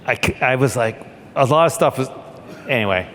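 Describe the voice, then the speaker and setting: A man giving a keynote talk as a former submarine captain, animated and acting out the voices in his story. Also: fairly quick. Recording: long hall reverb with faint rumble.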